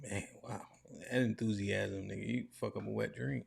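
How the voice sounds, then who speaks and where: A man's voice: lowish voice, steady tone, moderate pace, creaky, husky. A man hosting a livestream panel, reading donor messages aloud in a casual, slangy way. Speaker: host reading superchats.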